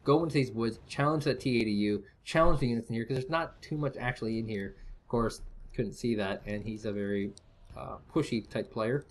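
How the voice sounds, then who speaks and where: A man's voice: medium pitch, brisk. A man casting a strategy game match in a rambling, jokey, think-aloud way. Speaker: esports caster. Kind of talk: casual game commentary.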